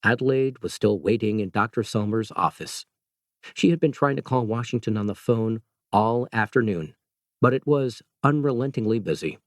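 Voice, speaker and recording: A man narrating an audiobook in a measured, steady reading. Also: on the low side, no echo, studio quality.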